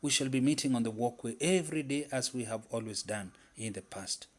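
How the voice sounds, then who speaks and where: A man plays a scheming, excitable male squirrel trickster in a folktale being told aloud, his voice shrill and emphatic. He sounds smug, moving fairly quickly and staying close to an everyday speaking voice.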